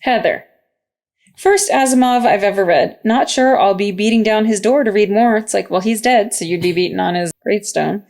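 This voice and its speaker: A woman's voice: medium pitch, normal speed, darkish tone. Woman, 30s, podcast co-host; giggly and chatty, reads reviews aloud casually. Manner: giggly, chatty, laughs often.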